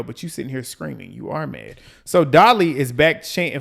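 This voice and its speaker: A man with a slightly high voice runs through a reality TV recap in casual commentary. He talks bluntly and profanely, with lots of animation. He mimics the people he quotes and repeats lines to drive a point home. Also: animated, brisk, vocal fry. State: out of breath.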